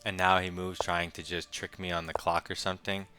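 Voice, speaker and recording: Brief: young man, very low bright voice, casual muttered game commentary, light music behind. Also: little pitch movement. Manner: quick, muttering play-by-play with wry asides. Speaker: chess streamer.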